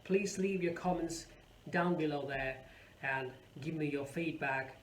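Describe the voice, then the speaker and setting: A man teaching pronunciation, explaining slowly and repeating words with careful stress. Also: on the high side. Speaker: English teacher. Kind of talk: pronunciation lesson. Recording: echoey room with faint hum.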